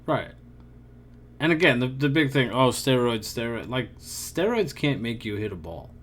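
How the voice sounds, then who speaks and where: A man's voice: medium pitch, animated, moderate pace, a bit bright. A man co-hosting a podcast, chatting casually and rambling, trailing off and laughing often. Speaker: podcast co-host. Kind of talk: casual chat about baseball.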